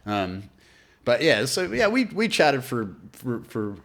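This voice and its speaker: An Australian man in casual podcast chat, telling animated anecdotes and swearing freely. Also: medium pitch, slow. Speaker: podcast guest, artist.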